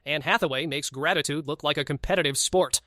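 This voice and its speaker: A man's voice: a little high, fast. A man giving short, punchy scripted voice-over narration for a celebrity clip compilation. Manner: short punchy commentary lines. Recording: loud background noise.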